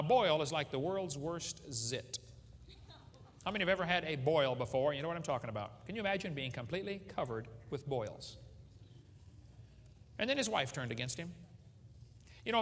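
A man's voice: a little high, lively intonation, fairly quick, fairly bright tone, a little hiss or hum. A middle-aged man preaching with folksy humor at a seminar, joking and asking the audience questions. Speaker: creationist speaker. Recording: hall reverb with faint ambience.

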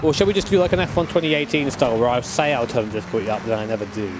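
A man's voice: mid-range voice, rapid-fire. A man casually chatting with his live-stream chat, joking and swearing as he plays a racing game. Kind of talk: live-stream gaming commentary. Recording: game car noise behind. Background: racing game engine sounds.

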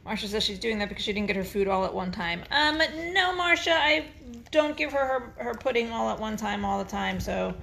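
A woman chats away to her dogs and the camera, slipping into a sweet singsong coo. Her voice sits a little high, with a gravelly, creaky edge at the ends of phrases. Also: expressive, a little fast, fairly bright tone, slight background noise. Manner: chatty, laughing easily. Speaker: farm vlogger. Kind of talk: casual talk to dogs and camera.

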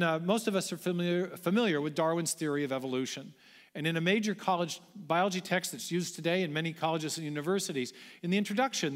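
Guy giving a talk in a big church hall, kinda high voice, lots of reverb, chatty explaining. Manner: explanatory, conversational, with a light aside now and then. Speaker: lecturer. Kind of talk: public lecture to a large audience. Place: large church auditorium. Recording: echoey hall.

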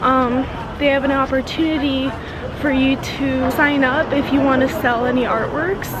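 A hoarse young woman, an art student, chatting casually and self-consciously as she vlogs in a busy public place. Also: sits high, fairly even intonation, moderate pace, a loud crowd, rough recording. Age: young adult. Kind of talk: casual vlog narration. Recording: loud background noise.

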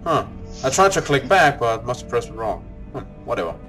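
A man's voice: medium pitch, big pitch swings, brisk, fairly bright tone, faint music behind. A man playing a co-op game with friends, chatting casually and reading quest text aloud. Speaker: co-op game player. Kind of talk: casual let's-play chat.

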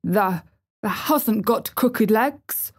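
A woman voicing a tactless old man, a gardener, speaking in a hoarse, shaky voice for a storybook. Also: medium pitch, fairly even intonation, a little slow, natural voice. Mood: stunned.

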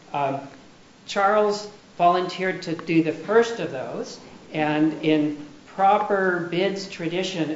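A man hosting a lecture, introducing the speaker with many hesitant fillers. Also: a little high. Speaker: lecture series host. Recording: echoey muffled room with faint noise.

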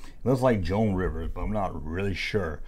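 A man's voice: low voice, moderate pace, a little mellow, husky. A man casually commenting on old comic book ads, with jokey, sarcastic asides. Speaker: YouTube host reviewing old comic ads.

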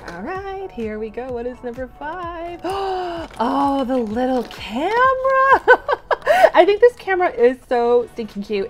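A woman with a very high, bright pitch hosts a toy unboxing vlog, gasping and gushing over every piece. Light music plays faintly underneath her voice. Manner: gushing, gasps and exclaims often. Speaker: toy unboxing channel host.

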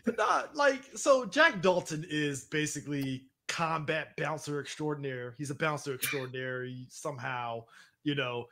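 A man's voice: fairly high pitch, expressive, normal speed, bright, forceful tone. A man co-hosting a podcast, chatting wryly about movies, laughing and swearing freely. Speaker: podcast co-host. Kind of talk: casual movie chat.

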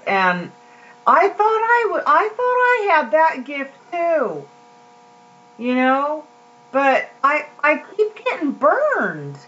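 A woman's voice: high-pitched, huge pitch swings, takes it slowly, a bit bright, lo-fi sound. A woman giving a casual, heartfelt devotional talk to her viewers, rambling with many fillers and restarts. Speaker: Christian vlogger.

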